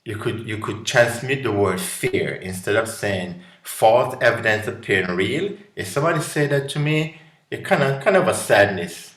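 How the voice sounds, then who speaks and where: A man from Jamaica with a Jamaican accent, a guest musician giving an animated, preachy inspirational talk. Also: fairly low pitch, moderate pace, echoey room. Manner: preachy, animated, acts out voices.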